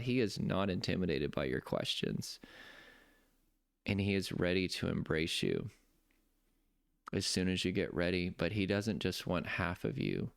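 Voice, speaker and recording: Man, coach type, earnest faith talk; deep and gravelly with a smooth, dry sound. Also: big pitch swings, dry recording. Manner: earnest, preacherly, slows down for emphasis. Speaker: nervous system coach. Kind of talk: heartfelt personal faith talk.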